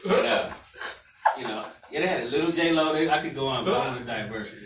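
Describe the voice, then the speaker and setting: Stand-up comic, mid-pitched man, rambling storyteller, club mic far and roomy. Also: a little fast. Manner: loose, rambling storytelling with asides. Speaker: stand-up comedian. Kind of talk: stand-up set. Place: comedy club stage. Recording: echoey club from far off, faint noise.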